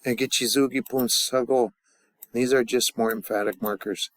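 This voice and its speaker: A man teaching a casual grammar lesson, talking in halting starts and restarts with fillers and joking asides. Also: mid-range voice, steady tone, a bit bright, no echo. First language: English. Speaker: language teacher.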